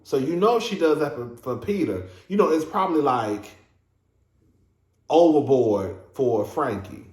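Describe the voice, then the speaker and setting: A man's voice: medium pitch, lively intonation, unhurried, darkish tone, reverberant. A man giving a casual, emphatic and profane recap of a reality TV episode, talking straight to his viewers as a show reviewer.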